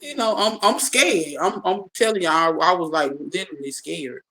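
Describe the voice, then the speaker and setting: A speaker telling a personal story to a small group in casual talk, animated, repeating and restarting words and acting out the dialogue. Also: medium pitch, moderate pace, rough recording.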